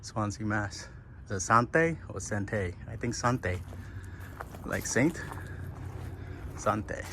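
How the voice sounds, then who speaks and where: A man chats to the camera about boat work at an easy, unhurried pace. He sounds keenly enthusiastic. A faint hum of outdoor noise sits behind him. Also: on the low side, fairly even intonation, vocal fry, a bit bright. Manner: chatty and enthusiastic, talks straight to viewers. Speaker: boating vlogger. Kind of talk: casual on-camera commentary.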